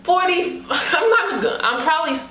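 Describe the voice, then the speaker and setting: A young woman unboxing a wig for her vlog, excited and laughing, talking casually with lots of slang and fillers. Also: very high-pitched, moderate pace. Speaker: beauty vlogger. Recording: roomy echo.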